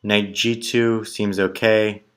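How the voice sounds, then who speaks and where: A man's voice: on the low side, flat delivery, takes it slowly, smooth. A man thinking aloud as he solves chess puzzles, muttering moves in short clipped phrases. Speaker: chess player solving tactics puzzles. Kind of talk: thinking aloud while calculating.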